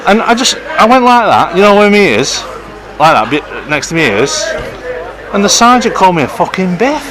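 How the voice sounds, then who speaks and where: A man's voice: high-pitched, sing-song, normal speed, crowd noise, low-quality recording. A man filming and live-streaming police outdoors on a town street by a railway station, indignant and repetitive as he argues.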